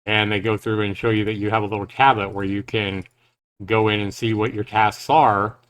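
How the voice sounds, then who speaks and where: A man's voice: on the low side, little pitch movement, normal speed, a bit bright. A man giving casual live reaction commentary on a game trailer, thinking aloud in a loose, rambling way.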